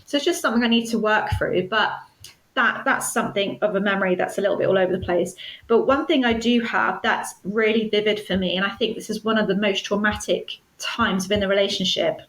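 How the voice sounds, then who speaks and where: A woman, a guest telling her personal story in a podcast interview, earnest and measured. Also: mid-range voice, fairly bright tone, echoey room, low-quality recording. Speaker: guest, stalking survivor.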